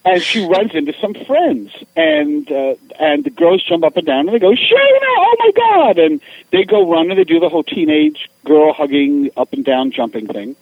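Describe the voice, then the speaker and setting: A man's voice: on the high side, moderate pace, hardly any pauses, dry recording, narrow, tinny audio. A middle-aged man telling funny stories as a guest, acting out other people's voices as he goes. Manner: animated, acts out voices in anecdotes. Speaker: guest, author. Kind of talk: casual storytelling.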